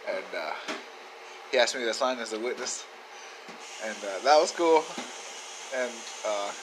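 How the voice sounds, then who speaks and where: A man telling a story in a casual video message, rambling and laid-back, with many fillers and casual swearing, growing loud and excited as it builds. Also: mid-range voice, measured pace, background noise. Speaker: sender of a video message to a friend. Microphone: phone video message.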